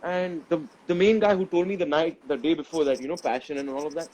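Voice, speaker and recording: A man's voice: on the high side, steady tone, fast talker, a little mellow, low-quality recording. A man, an actor guest on a live video call, telling an emotional personal story and acting out his own past dialogue with a lot of animation. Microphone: phone on a live video call.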